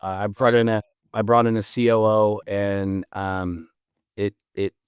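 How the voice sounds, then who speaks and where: A man's voice: fairly low pitch, unhurried, clear, resonant tone, no room sound. A man appearing as a podcast guest, telling stories bluntly and profanely in a casual conversation. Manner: animated storyteller, blunt and profane.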